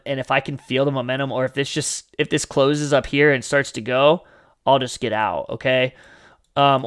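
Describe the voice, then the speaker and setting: A man's voice: mid-range voice, a bit bright, clear, resonant tone. A man hosting a live question-and-answer stream, explaining trading in a chatty way with many fillers, sometimes acting out a panicking trader. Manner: chatty, frequent fillers and "you guys", acts out panicked traders. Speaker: livestream host teaching trading. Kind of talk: casual live Q&A teaching.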